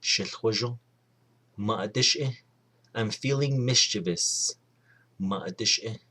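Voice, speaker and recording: A man giving a casual spoken language lesson, saying each word slowly and deliberately and then repeating it. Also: lowish voice, sharp tone, breathy edge. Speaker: language teacher.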